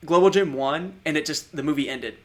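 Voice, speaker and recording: A man's voice: fairly high pitch, a little fast. A man co-hosting a podcast, chatting casually about movies, rambling, trailing off and laughing often. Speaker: podcast co-host.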